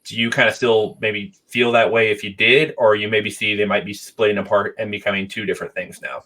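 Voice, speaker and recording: Male podcast host, low voice with a sharp edge, casual and agreeable. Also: a little fast. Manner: relaxed, agreeable, many short backchannels. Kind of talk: casual chat.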